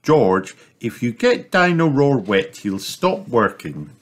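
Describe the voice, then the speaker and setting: A kind mother pig who talks in a bright, soothing way, as a man puts her on while reading a storybook aloud. The pitch rises a little above the reader's low voice and moves up and down freely. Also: big pitch swings, slow, heavy background noise. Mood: gentle. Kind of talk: children's storybook read aloud.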